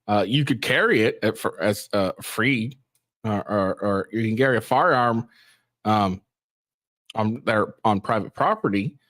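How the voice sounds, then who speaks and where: A man's voice: fairly low pitch, expressive, a little slow, fairly bright tone, no echo, clean studio sound. A man doing casual, profane commentary on news clips, rambling with many fillers and restarts. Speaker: commentary streamer reacting to clips.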